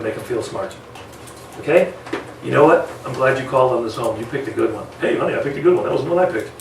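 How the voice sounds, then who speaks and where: Here a high-voiced man leads a live sales seminar full of energy, performing mock client calls and speeding up or slowing down by design. The recording is echoey from a distant mic, with slight background noise.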